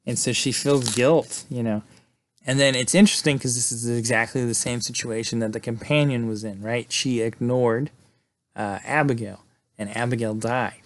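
A man casually retelling a film's plot in a loose, rambling way, leaning on fillers like "you know" and "like". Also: mid-range voice. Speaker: film recap host.

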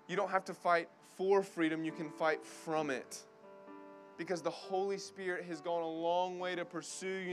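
A young man with a high, bright-pitched voice delivers a sermon with urgent, repetitive fervor. Soft guitar music plays faintly underneath. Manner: urgent, repetitive, fervent preaching. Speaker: guest preacher. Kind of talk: sermon to college students.

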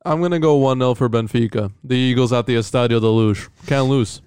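Male co-host, playful football trivia, crisp and dry. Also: mid-range voice, a little fast, a little mellow, no echo. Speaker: podcast co-host. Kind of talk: casual sports prediction chat.

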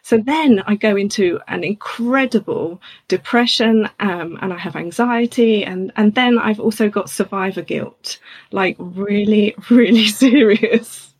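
A woman's voice: mid-range voice, a little slow, few pauses, breathy edge. A woman speaking openly as an interview guest, chatty and laughing now and then as she tells hard personal things.

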